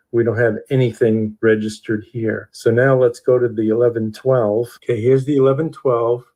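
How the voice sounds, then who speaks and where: Guy going thru timestamps one by one, calm, darkish mellow tone. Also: mid-range voice. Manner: methodical, lists sounds and timestamps. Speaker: true crime analyst. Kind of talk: walkthrough of audio timeline.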